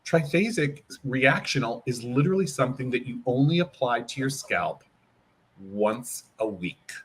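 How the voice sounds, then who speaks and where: Husky man demonstrating a hair product. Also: medium pitch, normal speed. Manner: animated, demonstrative, acts out client dialogue. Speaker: hair care brand educator. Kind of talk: interview, explaining and demonstrating.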